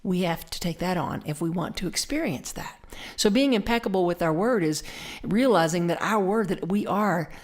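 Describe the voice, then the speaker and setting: A middle-aged woman with a Southern accent gives a conversational sermon, reflective, slowing down and repeating key phrases for emphasis. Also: lowish voice, lively intonation. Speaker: minister.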